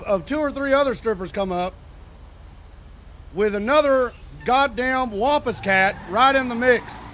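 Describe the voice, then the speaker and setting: A man's voice: very high voice, fairly bright tone, slight background noise. A man in a game role-play, telling a joking, profane story in a casual, chatty way.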